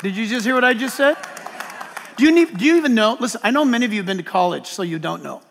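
A pastor preaches to a large auditorium in a very high, bright, forceful voice. He jokes and teases the crowd, then erupts into shouts. Long hall reverb trails each phrase. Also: quick pace, creaky, a little hiss or hum. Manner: animated, joking, breaks into shouts. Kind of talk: preaching a sermon.

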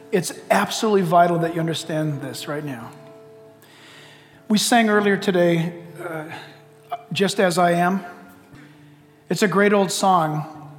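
A high-pitched male pastor delivers an earnest, blunt altar call, circling back on his points as he urges listeners forward. His voice rings out through a church sanctuary with a long reverb trailing each phrase. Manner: earnest, pleading preacher, blunt and repetitive. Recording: long reverb of a large hall.

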